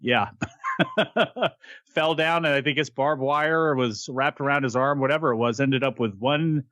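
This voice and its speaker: A man's voice: mid-range voice, unhurried, a bit bright, no echo, studio quality. A man in a casual podcast chat, explaining in a laid-back, matter-of-fact way.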